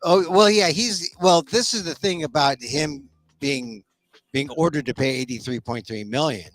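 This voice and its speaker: Hosting a talk show, this man speaks in a fairly high, slightly bright voice, with no room sound audible. His casual chat with the guest is conversational and agreeable, peppered with quick affirmations.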